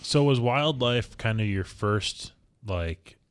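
A man's voice: on the low side, lively intonation, smooth, dry recording. A man hosting a podcast, asking casual questions and chiming in with short agreement. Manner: brief agreeing interjections, quick questions. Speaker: podcast host. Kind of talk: casual interview chat.

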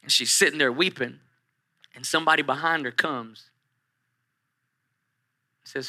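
A male pastor preaching a sermon in an animated way, repeating lines for emphasis. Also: medium pitch, unhurried.

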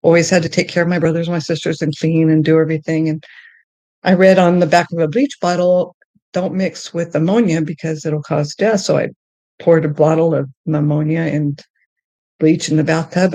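Middle-aged woman, lowish voice, halting testimony with restarts, rising high and excited at the joyful parts. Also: no room sound. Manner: halting, with many restarts and fillers; grows high and excited when telling of joy. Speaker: guest sharing her testimony. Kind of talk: personal testimony in conversation.

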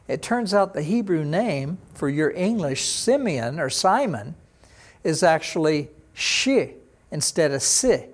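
A middle-aged pastor delivers a sermon in a fairly high voice for a man. He explains scripture and patiently spells out Hebrew sounds and word roots as he teaches. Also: big pitch swings, a little slow.

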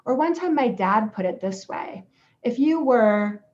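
A woman speaking in a gentle, reflective and steady way, giving a calm self-help talk about self-compassion. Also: on the high side, unhurried. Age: adult parent. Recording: slightly dull lo-fi audio.

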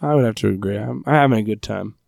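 A man co-hosting a podcast in casual chat, making dry, deadpan jokes. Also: lowish voice, fast talker, gravelly, no echo. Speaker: podcast co-host.

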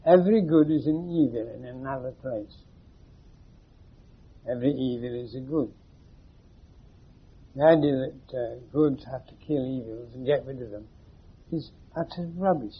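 A spiritual teacher from England addresses a small audience in a meeting room, speaking at a moderate pace with many pauses in a slightly rough, mid-range voice. He's wry and playful, putting questions to the group, and the 1980s tape sounds muffled.

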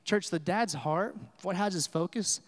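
A man preaching a sermon, with rises from quiet to loud and emphatic. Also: high voice, measured pace, in a large hall. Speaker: pastor.

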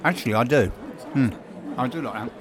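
A man's voice: mid-range voice, a little fast. A man hosting a casual interview, chatty and enthusiastic, talking into a handheld microphone. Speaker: host. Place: trade show hall. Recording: busy crowd chatter behind.

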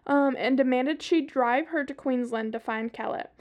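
A woman's voice: high voice, moderate pace, a little mellow. A young woman with a Southern US accent hosting a casual true-crime podcast, swearing freely and breaking off into chatty asides. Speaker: podcast host.

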